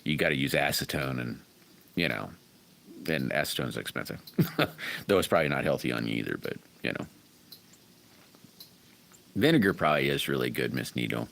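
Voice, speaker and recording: A man's voice: extremely low pitch, lively intonation, normal speed, vocal fry, pauses often, a bit bright, a little hiss or hum. A middle-aged man hosting a casual livestream, rambling folksily and chuckling while he answers viewers by name. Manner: chatty, rambling, chuckles often. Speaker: livestream host. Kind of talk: casual livestream chat reading viewer comments.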